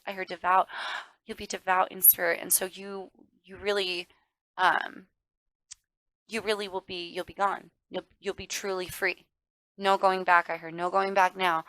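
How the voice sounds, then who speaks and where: A woman's voice: mid-range voice, a bit bright, no echo, rough recording. A woman giving a casual tarot reading to viewers. She talks emphatically, calls the listener darling and baby, swears now and then, and gets worked up. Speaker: tarot reader.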